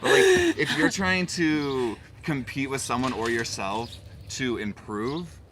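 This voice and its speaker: A man's voice: medium pitch, sing-song, slow, a bit bright, a little hiss or hum. A man chatting casually as a co-host, laid-back and laughing easily, hedging his points with "like". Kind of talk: casual chat.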